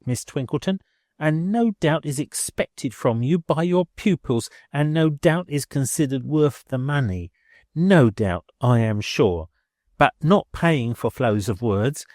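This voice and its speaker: A man's voice: on the high side, darkish tone, dry recording, studio quality, voice pushed up. A man doing a lofty, sarcastic landlady. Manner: lofty, ungrammatical, cutting. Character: haughty, sarcastic lower-class middle-aged landlady.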